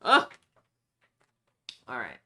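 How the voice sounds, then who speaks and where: A game developer on a live coding stream, thinking aloud while debugging, excitable and self-talking. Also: very slow.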